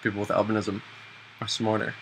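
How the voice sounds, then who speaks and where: A man's voice: on the low side, level tone, brisk, a bit bright, slight background noise, poor audio. A young man hosting a casual chat video, joking and self-mocking as he acts out little everyday scenes. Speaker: video host.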